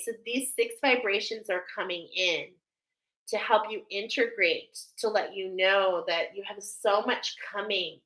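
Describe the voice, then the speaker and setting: A woman's voice: mid-range voice, measured pace, a bit bright, low-quality recording. A woman doing a live spiritual oracle card reading, effusive and exclaiming, often breaking into laughter. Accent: American. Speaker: tarot and oracle card reader.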